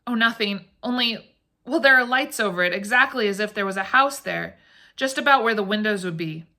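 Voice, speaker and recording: A woman's voice: medium pitch, fairly quick, pushed and bright. A woman voicing a pale teenage son who talks shakily while trying to sound unconcerned. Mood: shaken. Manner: shaky, trying to sound offhand. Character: shaken teenage son faking calm.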